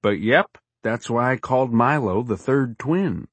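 A man voicing a gruff, bossy male boat captain who barks blunt orders in an audiobook. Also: mid-range voice, lively intonation, measured pace, no room sound, pitched above the performer's own voice. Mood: offhand. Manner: barking orders, blunt and commanding.

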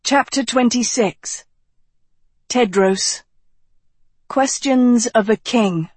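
A woman narrating a fantasy audiobook in a measured, even storytelling manner. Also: on the high side, breathy edge, no room sound. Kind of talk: scripted narration.

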